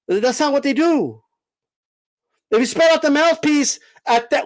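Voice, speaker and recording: A man's voice: extremely high pitch, animated, unhurried, rough recording. A man hosting a boxing live stream, lecturing his chat emphatically and raising his voice to repeat his points. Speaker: boxing commentator host.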